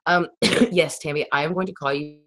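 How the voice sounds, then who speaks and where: Woman host, 30s, raspy today; loose chatty livestream delivery, lower pitch. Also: steady tone, fairly quick, a bit bright. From Texas. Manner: rambling, laughs often, reads viewer comments. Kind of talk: casual livestream chat.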